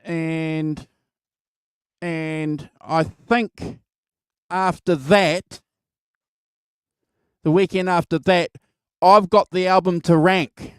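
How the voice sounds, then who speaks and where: A man hosting a live music chat show, halting and repeating words in a friendly way. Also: fairly high pitch, steady tone, fairly bright tone, smooth, dry recording, studio quality. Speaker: host. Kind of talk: casual live-stream chat.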